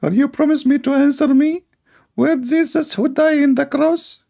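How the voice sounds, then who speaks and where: A man putting on a mocking, high-pitched voice of a man badgering with questions. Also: fairly even intonation, moderate pace, gravelly, dark tone.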